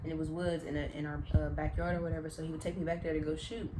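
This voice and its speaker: A young adult woman, a vlogger, telling casual, animated, slang-filled stories in storytime style. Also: sits low, very fast, background noise. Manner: chatty, slangy, animated retelling.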